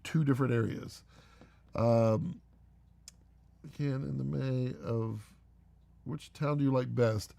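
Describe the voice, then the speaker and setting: Guy with a gravelly voice chatting on a home live stream, dry close sound, jokes around a lot. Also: medium pitch, steady tone, slow pace, pauses often, dark tone, no echo. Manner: rambling, teasing, laughs often. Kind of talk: casual live chat, reading viewer comments.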